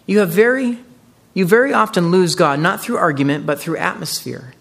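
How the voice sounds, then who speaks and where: A man delivering a sermon with a fairly high voice. He talks earnestly, building toward emphatic, mocking quoted lines as he explains the passage. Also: moderate pace, creaky, fairly bright tone. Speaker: pastor.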